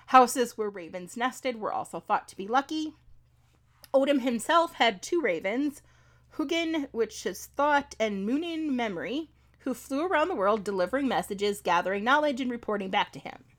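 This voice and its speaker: A woman's voice: fairly high pitch, expressive, moderate pace, a bit bright. A woman co-hosting a podcast in casual chat, reading folklore notes with many ums and laughing at her own mispronunciations. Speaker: podcast co-host.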